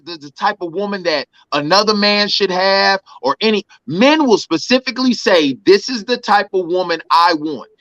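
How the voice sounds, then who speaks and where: A man's voice: high-pitched, dry recording, muffled recording. A man co-hosting a casual podcast, riffing comically and breaking into mocking impressions of how people talk. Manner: animated, mocking imitations of women's voices. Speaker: podcast co-host. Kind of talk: casual comedic group chat.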